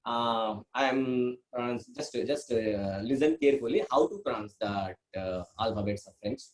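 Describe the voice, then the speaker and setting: A man with an Indian English accent, teaching a beginners' language lesson, repeating himself often and filling pauses with "uh" and "okay". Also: poor audio. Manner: repeats himself, many fillers, lively pitch swings.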